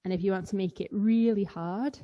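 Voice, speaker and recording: A woman's voice: medium pitch, fairly even intonation, brisk, dull audio. A woman guiding children through a playful yoga session, sometimes making animal sounds. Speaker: kids yoga teacher. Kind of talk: guided kids yoga instruction.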